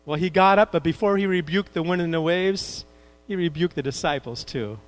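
Pastor, man, higher pitched voice, lively sermon delivery that keeps questioning the room. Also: fairly quick, low-quality recording. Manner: animated, asks the congregation questions.

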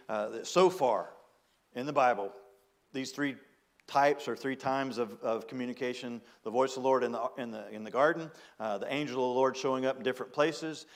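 Man, preacher, casual sermon, folksy, rambling asides, scripture readings, average pitch. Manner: folksy and conversational, with many asides, restarts and filler words. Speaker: preacher teaching a Bible study.

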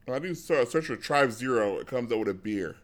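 A man's voice: mid-range voice, expressive, brisk. A man streaming live, chatting casually with his viewers in a rambling, blunt way with lots of restarts. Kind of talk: casual rambling chat to an audience.

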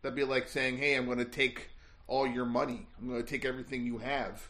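A tough vampire hunter with a put-on Chicago accent, as a man plays him, blunt and ready to kill. He talks in plain, hard-nosed phrases at a moderate pitch for a tabletop role-play. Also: level tone, brisk, bright, forceful tone. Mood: gruff. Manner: blunt, tough-guy talk. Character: gruff male vampire hunter, blunt and violent.

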